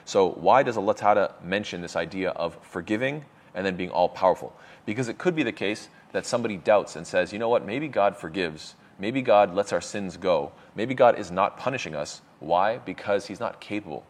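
A man teaching a religious lesson, explaining terms with many fillers and restarts and quick Arabic quotations. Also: low-pitched, animated. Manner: reads Arabic quotes quickly. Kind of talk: explaining a lecture.

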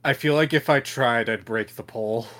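A young man co-hosting a podcast, making dry, deadpan remarks while watching a film. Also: mid-range voice, moderate pace. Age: young adult. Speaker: podcast co-host. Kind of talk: casual reaction chat.

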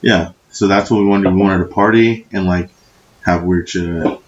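Brief: lowish-voiced man spinning crude stories, echoey lo-fi room. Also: normal speed. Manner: profane, animated storyteller, shouts when quoting himself. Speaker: podcast co-host. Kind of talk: casual chat, storytelling. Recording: echoey room, dull lo-fi sound.

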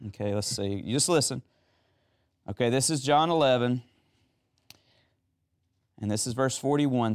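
A man's voice: medium pitch, unhurried, pauses often, a little mellow, clear, resonant tone. A man preaching a sermon, retelling Bible stories and asking the audience questions.

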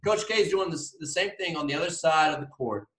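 A man co-hosting a podcast, rambling excitably about sports in casual chat, with some swearing. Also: a little high, fast talker, recorded from a distance. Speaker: podcast co-host. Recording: echoey room.

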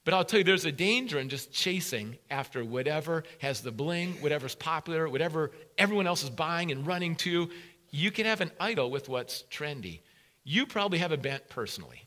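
Animated, bright-voiced male pastor preaching. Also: a little high, fairly quick. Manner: emphatic, repeats key phrases. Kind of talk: sermon.

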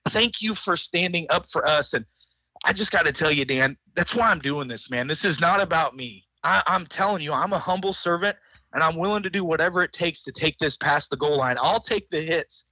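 A man's voice: fairly high pitch, brisk, sharp tone, no echo, low-quality recording. Fervent man pleading his case. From Missouri, USA. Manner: fervent, emotional, repeats words. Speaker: guest, doctor. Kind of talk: impassioned interview appeal.

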